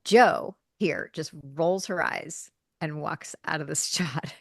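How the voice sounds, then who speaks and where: A woman's voice: deep voice, takes it slowly, creaky, dry recording, studio quality. A woman co-hosting a podcast, animatedly recapping a TV episode in casual chat and laughing often. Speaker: podcast co-host.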